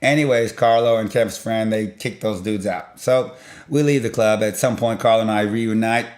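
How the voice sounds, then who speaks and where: A young man telling a long story in a loose, rambling way, full of filler and sound effects. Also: normal speed. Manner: rambling, peppered with "blah blah" and "boom"; animated, jumps in loudness while retelling. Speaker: vlogger.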